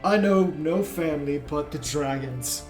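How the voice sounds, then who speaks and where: A man voicing a calm, coldly devoted aged archon figure in a tabletop game, speaking in measured proclamations. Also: on the high side, echoey room, music in the background, rough recording. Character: aged male archon, cold and dragon-devoted.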